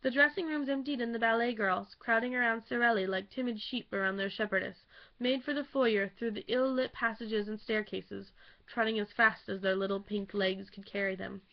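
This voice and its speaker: A woman at home reading a classic novel aloud into a webcam in an expressive, theatrical storytelling manner. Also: on the high side, normal speed, dull audio. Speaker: audiobook reader.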